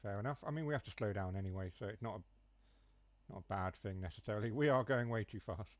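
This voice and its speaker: A young man from near Mansfield speaks with a broad Huthwaite accent, letting his H's and T's drop. His voice sits low, and the recording is dry and close, with no room around it. He rambles through jokey asides in a casual gaming-stream chat. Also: quick pace, no echo. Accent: Huthwaite, Nottinghamshire. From Mansfield area, England. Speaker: train sim streamer.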